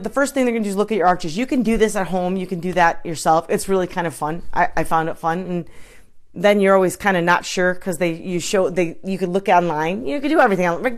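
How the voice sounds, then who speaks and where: A woman coach giving an informal live-streamed talk, chatty, with many restarts and asides to her viewers. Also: mid-range voice. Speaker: triathlon coach.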